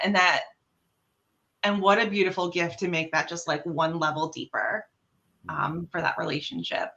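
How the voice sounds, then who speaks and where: A woman improv coach on a podcast, giving warm, encouraging feedback on a scene and praising generously. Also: lowish voice, fairly even intonation, normal speed, highs cut off.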